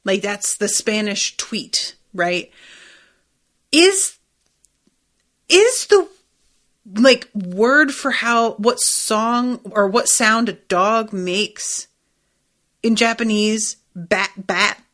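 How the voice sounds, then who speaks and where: A woman hosting a podcast, talking casually and quickly through a recap. She swears freely, scatters "like" and "um" everywhere and acts out little quoted lines as she goes. Her voice sits at an ordinary middle pitch. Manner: chatty, profane, animated retelling with quoted asides. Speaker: podcast host.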